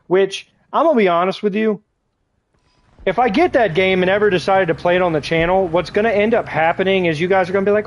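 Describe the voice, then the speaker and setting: Man, fairly high voice, rambling game streamer, faint background hum. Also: fast talker, poor audio. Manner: rambling, joking, talks to chat while playing. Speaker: gaming livestreamer. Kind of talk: casual live gameplay chat.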